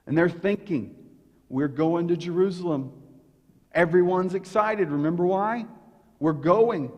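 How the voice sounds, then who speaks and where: A man preaching a sermon as pastor, telling the story with animated energy and sometimes dropping to a hushed, intense tone. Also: high voice, moderate pace. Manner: animated storytelling, acting out the crowd's lines. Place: church sanctuary. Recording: long hall reverb.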